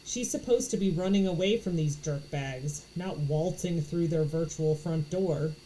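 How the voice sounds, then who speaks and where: A woman's voice: sits low, unhurried, mellow, a little hiss or hum, rough recording. A woman from Florida reading a novel aloud, narrating in first person with expression. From Florida, USA. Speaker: audiobook reader.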